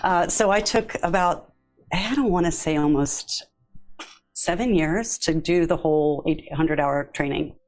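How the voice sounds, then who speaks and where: Woman interview guest, deep voice, warm storyteller, relaxed and chatty. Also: measured pace, soft background music, low-quality recording. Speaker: yoga therapist guest. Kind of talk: casual interview.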